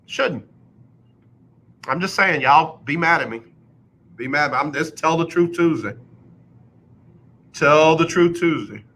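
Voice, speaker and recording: A man on sports talk radio with a bright, forceful voice that sits a little high for a man. He rants bluntly and hammers his points by saying them again and again. Now and then he drops into a mocking announcer impression. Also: unhurried, pauses often. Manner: blunt, ranting, repeats himself for emphasis; mocks others with exaggerated announcer impressions. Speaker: radio show host. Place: radio studio.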